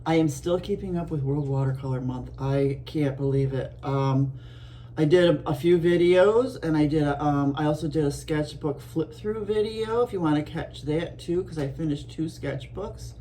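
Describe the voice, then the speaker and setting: A middle-aged woman from Buffalo, New York, chatting casually to her viewers as an art vlogger, rambling along with soft laughs and restarts. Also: deep voice, normal speed, slight background noise. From Buffalo, New York, USA.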